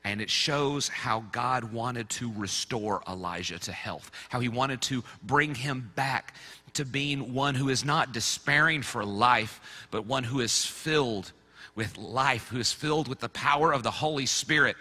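A male pastor delivers a sermon in an easy, conversational way, sliding in playful asides. His voice is strikingly bright, and it rings out with a long reverb, as if filling a large church. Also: mid-range voice, measured pace. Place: church sanctuary.

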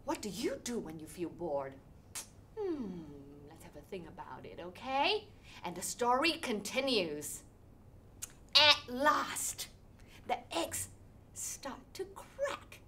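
High lively lady leading kids through a story, slow and sing-songy, quacks and boom sounds. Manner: animated, sing-song, with sound effects. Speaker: storytelling workshop leader. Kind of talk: interactive children's storytelling.

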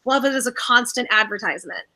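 Bright fast excitable woman. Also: on the high side. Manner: excitable and pleading, swearing freely. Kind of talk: casual interview.

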